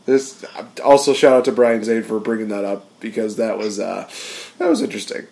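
A man's voice: lowish voice, very animated, brisk, gravelly, mellow. A man co-hosting a casual podcast, talking animatedly and acting out wrestler promos in sudden bursts. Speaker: podcast co-host. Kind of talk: casual chat.

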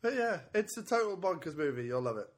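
A man's voice: sits high, big pitch swings, fast talker. A man co-hosting a crude comedy podcast, riffing and laughing. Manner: laughing, riffing with silly impressions. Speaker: podcast co-host.

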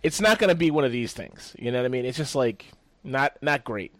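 A man's voice: medium pitch, expressive, a little fast, a bit bright, dry recording. Rambling, profane man in casual chat.

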